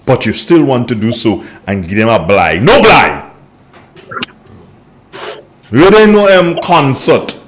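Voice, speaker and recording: A man's voice: medium pitch, sing-song, normal speed, hardly any pauses. A Grenadian man hosting a political radio talk show, scolding listeners and repeating points for emphasis.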